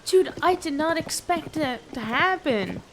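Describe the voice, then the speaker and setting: A young woman streaming a video game, swinging between loud excitement and low muttering as she talks. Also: a little slow, background noise. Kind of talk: casual gameplay commentary.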